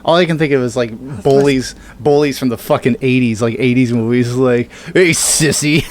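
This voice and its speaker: A man's voice: mid-range voice, fairly even intonation, fairly quick, a little mellow. A man co-hosting a casual comedic podcast, reading news items aloud, laughing often and swearing freely. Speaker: podcast co-host.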